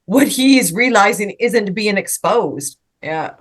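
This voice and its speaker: Woman hosting a podcast, upbeat, keeps things moving, mid pitch. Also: animated, takes it slowly. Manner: warmly appreciative, guiding the talk. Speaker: podcast host. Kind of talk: casual chat.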